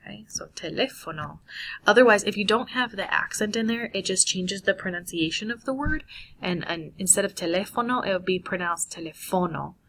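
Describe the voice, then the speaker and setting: A woman's voice: medium pitch, lively intonation, brisk, a bit bright. A woman walking through a Spanish lesson on screen in a casual, self-correcting way. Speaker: Spanish teacher. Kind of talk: screen-recorded lesson walkthrough.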